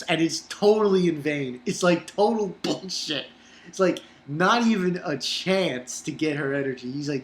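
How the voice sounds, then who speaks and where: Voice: medium pitch, a bit bright. An anime reviewer recapping an episode in a rambling, casual way, swearing and using lots of fillers. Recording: roomy echo.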